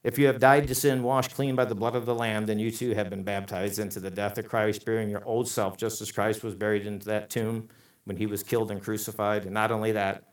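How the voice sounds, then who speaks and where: A man's voice: on the low side, flat delivery, brisk. Fervent man preaching in a roomy church. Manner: emphatic preaching with rising, fervent peaks. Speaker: pastor. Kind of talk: sermon. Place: church sanctuary. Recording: roomy church sound from a distance, faint music.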